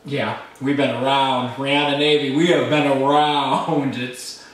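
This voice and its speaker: A man reacts to a song with emotional, gushing exclamations. His voice sits back from the mic in a very echoey room, with a faint ambient hum behind him. His delivery comes at a slow, drawn-out pace. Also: mid-range voice, steady tone, recorded from a distance. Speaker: music reaction video host.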